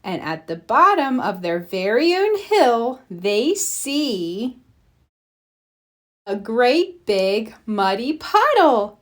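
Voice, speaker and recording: A woman narrates a children's picture book with a slow, unhurried read-aloud pace. Her voice sits a little high and swoops expressively through each sentence. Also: very animated, a bit bright. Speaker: storybook reader.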